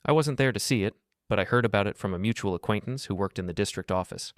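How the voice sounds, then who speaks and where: A middle-aged man narrating a first-person revenge story in a cold, measured, deliberate way. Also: lowish voice, no echo, studio quality.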